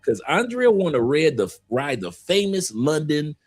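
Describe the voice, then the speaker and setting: A man from Detroit, a guest in a casual live chat, telling stories in an animated way and laughing often. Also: fairly high pitch, a little slow, slightly rough, soft background music. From Detroit, USA.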